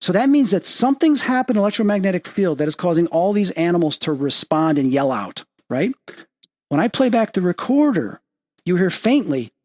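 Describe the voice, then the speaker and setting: A podcast host who is also a medium tells a story during a casual interview, speaking a little fast with mounting excitement. He's excitable and animated, quoting others vividly, his pitch climbing whenever he quotes someone or stresses a point.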